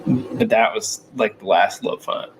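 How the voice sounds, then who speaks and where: A man's voice: lowish voice, measured pace, background noise. Easygoing man recalling a hunt. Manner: easygoing, chuckling. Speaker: podcast guest. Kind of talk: casual hunting chat.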